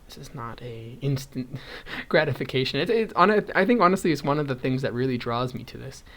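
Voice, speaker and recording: Crocheting while he chats, a young male vlogger counts stitches out loud, rambles onto tangents and chuckles often. His medium-pitched voice is animated, fairly quick and a bit bright.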